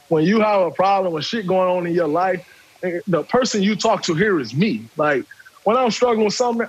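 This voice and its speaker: Guy telling a story, husky voice, lots of cussing, acts out the quotes. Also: sits high, lo-fi sound. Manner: animated, profane, acts out quotes. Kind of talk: casual storytelling.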